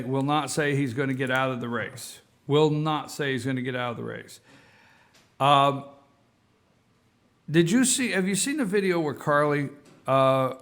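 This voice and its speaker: A man hosting a talk show, giving casual political commentary and repeating himself for emphasis. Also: mid-range voice. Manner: animated, repeats himself for emphasis, addresses folks.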